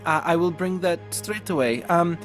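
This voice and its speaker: A man's voice: fairly high pitch, normal speed, a bit bright, faint music behind, pitched above the performer's own voice, natural voice. A man voicing a nervous, apologetic female servant who hesitates and stammers.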